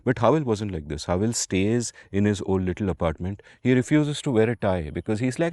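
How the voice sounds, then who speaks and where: A low-voiced man with an Indian English accent rambles through a story in a relaxed podcast chat. He is animated and digressive, with the odd curse and Hindi aside. The sound is dry and close. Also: a little fast, hardly any pauses, no echo. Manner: animated, digressive, swears casually, mixes in Hindi. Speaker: podcast co-host.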